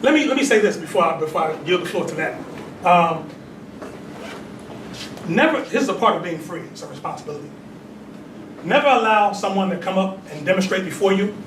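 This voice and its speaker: A man giving a call-and-response religious talk, conversational and full of "right?" tag questions. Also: sits high. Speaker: temple leader giving a talk. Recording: echoey distant room recording with noise.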